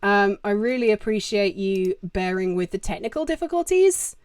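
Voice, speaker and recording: A woman's voice: mid-range voice, big pitch swings, moderate pace, a little mellow, no room sound. Young woman streamer, casual rambling Q&A, close dry mic sound. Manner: chatty, rambling, lots of fillers. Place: home. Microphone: desk microphone.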